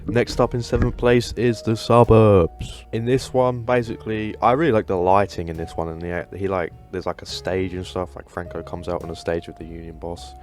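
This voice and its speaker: A man's voice: low voice, fairly even intonation, moderate pace, few pauses, darkish tone, soft background music. A man hosting a casual commentary video, enthusiastic and rambling, with lots of fillers. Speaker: gaming video host.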